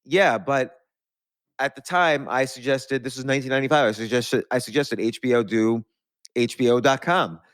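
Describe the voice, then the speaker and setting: Middle-aged male host, medium pitch, rambling anecdotal storyteller, dead-dry room. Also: normal speed, fairly bright tone, smooth, dry recording. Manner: rambling anecdotes with restarts and laughs. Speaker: podcast host. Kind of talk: storytelling in conversation.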